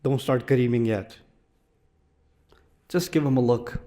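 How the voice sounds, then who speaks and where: A man's voice: medium pitch, unhurried, mellow. A middle-aged man giving a sermon, telling stories with acted dialogue and humor. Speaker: Islamic speaker.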